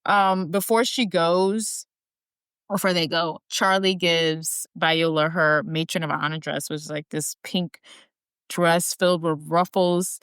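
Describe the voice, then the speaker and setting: A woman's voice: on the low side, fairly even intonation, measured pace, fairly bright tone, clean tone, dry recording. A woman co-hosting a podcast, bluntly recapping a movie in casual chat, filler words throughout. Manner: blunt, crude, many "like" fillers. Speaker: podcast co-host.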